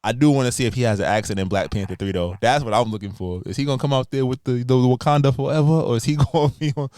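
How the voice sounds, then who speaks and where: A young man hosting a podcast, chatting casually and laughing, his voice leaping up in pitch when he gets excited. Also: fast, clean tone, no echo, clean studio sound. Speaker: podcast host.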